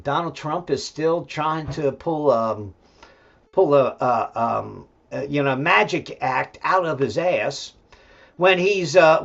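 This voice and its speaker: A man with a slightly high, creaky voice hosts a solo political commentary rant that rambles and swears, packed with fillers and restarts. Now and then he talks aside to his dog at home. The recording sounds dull and lo-fi.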